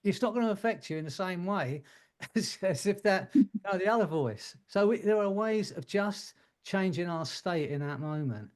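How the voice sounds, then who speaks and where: A man with a slightly high voice hosts a group coaching call. He gives casual, chatty advice and jokes and laughs as he talks. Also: lively intonation, normal speed. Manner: warm joking advice, laughs often.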